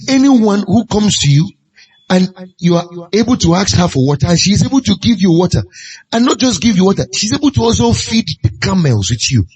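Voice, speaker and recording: A man's voice: high voice, darkish tone, husky. A man preaching a sermon, pressing his point with repeated rhetorical questions. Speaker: pastor.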